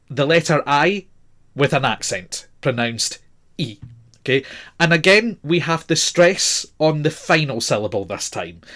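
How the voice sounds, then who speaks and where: A man's voice: medium pitch, fairly bright tone. A man teaching a recorded language lesson, patiently repeating forms and spelling them out letter by letter.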